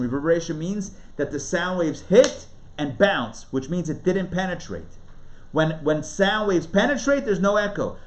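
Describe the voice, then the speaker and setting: A man, a rabbi, giving a live Torah class in a conversational, emphatic way, swinging between booming lines and hushed ones. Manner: conversational, quick asides and restarts.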